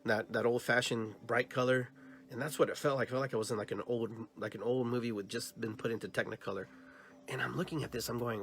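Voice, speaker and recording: A man hosting a podcast, telling a long personal dream story at a middle pitch. He acts out the dialogue with lively shifts, trails off with restarts now and then, and faint music sits behind him. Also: brisk. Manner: animated retelling, acts out both sides of dialogues. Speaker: podcast host.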